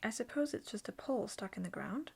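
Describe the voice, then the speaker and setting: A woman's voice: mid-range voice, lively intonation, fairly quick, gravelly, a little mellow, breathy edge. Christopher Robin, a woman doing an earnest young boy, whispered role-play. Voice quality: earnest, solemn.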